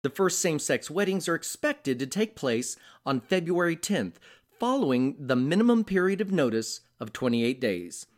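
A male news anchor reading scripted headlines in a steady, measured way. His voice sits a little high for a man and moves up and down a lot as he reads. He keeps an even, practiced pace through each story.

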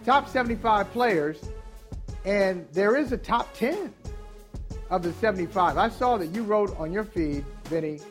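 A man's voice: high voice, expressive, measured pace, soft background music. A man hosting a sports talk show, reacting with laughs and steering the segments in a casual way.

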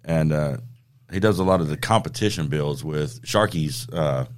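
A man hosting a podcast, telling stories in an easygoing way and giving shout-outs. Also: rumbling low, normal speed. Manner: easygoing storyteller, laughs often. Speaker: podcast host. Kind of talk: casual chat.

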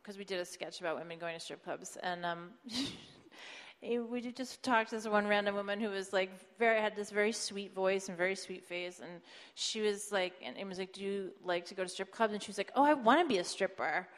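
A woman's voice: mid-range voice, steady tone, fairly quick, long reverb tail. A woman on a live comedy panel, rambling with lots of fillers in an upbeat way. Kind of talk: panel Q&A, casual talk.

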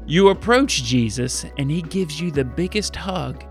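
A man's voice: on the high side, unhurried, soft background music. Upbeat pastor man teaching preteens. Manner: upbeat, animated. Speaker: pastor and podcast host. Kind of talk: storytelling and Bible teaching for preteens.

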